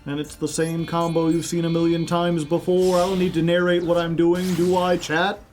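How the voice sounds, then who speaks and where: A man's voice: on the high side, flat delivery, moderate pace, a little mellow, soft background music. A man streaming a card game, chatting casually and spinning silly rambling stories.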